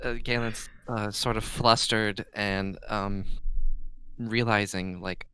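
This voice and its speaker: A man plays his character in a tabletop game, speaking slowly and hesitantly. His voice is low and smooth, with little rise or fall. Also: rough recording. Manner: slow, hesitant, flat. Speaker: player.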